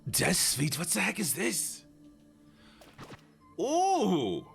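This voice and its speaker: A man streaming a video game, chatting playfully with his viewers. His pitch swings widely as he talks. Game music plays clearly under his voice. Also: wildly swooping pitch, very slow, a bit bright. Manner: chatty, playful, talking to chat. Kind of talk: casual gaming stream chat.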